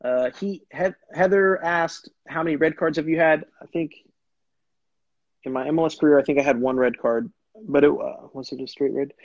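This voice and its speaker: A man's voice: fairly high pitch, moderate pace, dry recording, muffled recording. A man hosting a show and casually telling a story, acting out quotes and restarting sentences as he goes. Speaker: show host and former pro soccer player.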